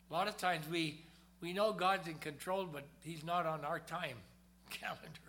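A male preacher with a high, bright, forceful voice. He delivers a sermon with dramatic swings from loud, pressing emphasis down to hushed low tones. He slows down whenever he reads scripture aloud.

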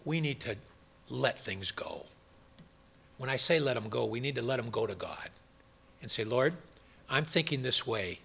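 Bright gravelly-voiced male preacher. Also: mid-range voice, normal speed, pauses often. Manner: animated, acts out quoted voices, asks the audience questions. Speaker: pastor. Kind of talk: sermon.

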